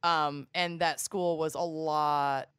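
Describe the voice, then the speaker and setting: A woman's voice: deep voice, steady tone, takes it slowly, fairly bright tone, clear, resonant tone, no room sound, clean studio sound. A woman guest on a podcast, chatting casually in a blunt, profane way and telling stories with laughs. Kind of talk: casual chat.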